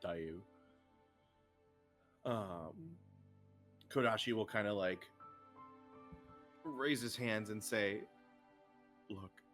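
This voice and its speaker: A man takes part in a tabletop role-playing game, speaking in an earnest, apologetic way. His voice is low but bright, with soft music behind him. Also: expressive, very slow, long pauses. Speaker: player. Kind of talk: in-character tabletop role-play.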